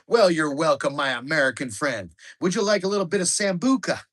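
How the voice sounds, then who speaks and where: A hearty Canadian road worker, voiced by a male narrator, welcoming a stranger with a jovial, friendly tone. His Canadian accent and raised, warm delivery set him apart from the narration in a storybook reading. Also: a little high, expressive, fairly quick, slight background noise, voice pushed up.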